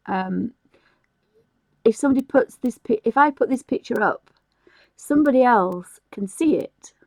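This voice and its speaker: A woman's voice: fairly high pitch, no echo. A middle-aged woman from England chatting casually while she colours on a live stream, rambling with restarts and light laughs.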